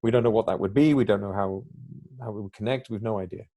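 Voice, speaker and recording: Podcast guest, male, mellow dark tone, reflective explainer. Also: on the low side, fast. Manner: reflective, explains ideas at length, acts out little quoted exchanges. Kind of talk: conversational podcast talk.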